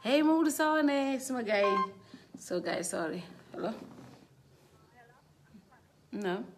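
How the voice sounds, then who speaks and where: A woman's voice: on the high side, animated, slow pace, background noise. A woman hosting a casual live stream, chatting, laughing and greeting viewers by name while testing her sound. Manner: chatty, laughing, reads out viewer names, switches between languages. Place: indoor studio.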